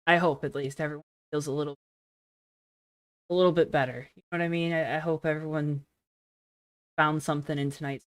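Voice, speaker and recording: A woman with a low, smooth voice conducts a friendly post-race interview, reassuring her guest as her questions ramble on. The sound is dry and close, with no room around it. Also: fairly even intonation, a little fast, pauses often, no room sound.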